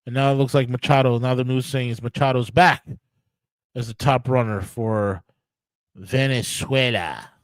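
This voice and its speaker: An American podcast host rants alone about politics, angry and profane, in a steady, mid-range voice at a moderate pace. He restarts often and repeats himself for emphasis, and the recording is dry and low in quality.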